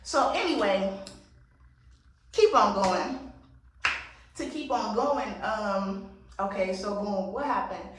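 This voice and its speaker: A woman's voice: mid-range voice, slow pace, long pauses, far from the mic, noisy background. A woman vlogger telling a story in a casual get-ready-with-me chat, blunt, profane and emphatic. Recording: very echoey room, voice set back from the mic.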